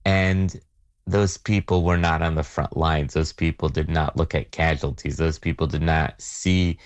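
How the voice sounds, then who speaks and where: Man, very low voice, editor answering interview questions, measured, dry sound. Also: steady tone, dry recording, dull audio. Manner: measured, with frequent restarts. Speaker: magazine editor, interview guest.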